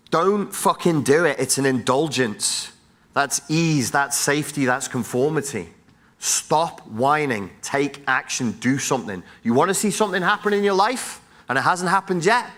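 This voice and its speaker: A middle-aged man with a bright, forceful tone hammers his audience with a blunt, profane motivational talk from a conference stage. He is a psychologist, wired and jet-lagged, and his voice sits at an ordinary male pitch.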